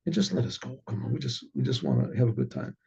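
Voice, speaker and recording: A weary, reluctant father, as a male storyteller puts him on, muttering low and dismissively. His voice is dark and gravelly, pitched down from the teller's own. The recording is dull and lo-fi. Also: sing-song, fast, heavily acted.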